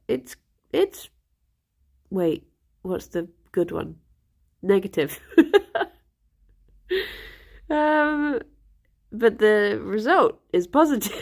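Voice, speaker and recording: A woman's voice: mid-range voice, gravelly. A young woman chatting casually with her stream viewers, rambling and giggly, sounding a little bunged up. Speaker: livestream host.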